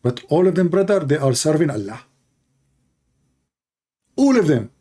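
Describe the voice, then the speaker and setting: A man's voice: on the high side, big pitch swings, moderate pace, pauses often, mellow. Sarcastic man hosting a reaction stream. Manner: mocking, sarcastic, non-native English phrasing. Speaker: channel host reacting to a video. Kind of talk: sarcastic live-stream commentary.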